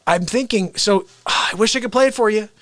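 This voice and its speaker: A man's voice: high-pitched, a little fast, fairly bright tone. A man hosting an unscripted livestream, rambling and joking and then griping when his tech won't work. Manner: rambling, jokey, frustrated with tech. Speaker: livestream host.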